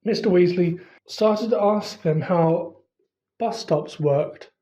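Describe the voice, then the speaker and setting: A reader narrating a fantasy storybook, lifting and dropping the pitch to give each character their own voice. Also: slow pace, dark tone, rough recording. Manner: shifts pitch for quoted characters. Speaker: audiobook reader.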